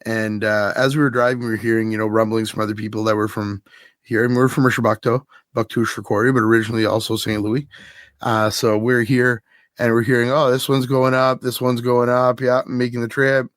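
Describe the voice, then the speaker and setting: A man's voice: mid-range voice, a little fast, no echo, clean studio sound. Chatty man telling a story. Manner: storytelling, laughs often, animated retelling. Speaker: podcast host. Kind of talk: casual chat.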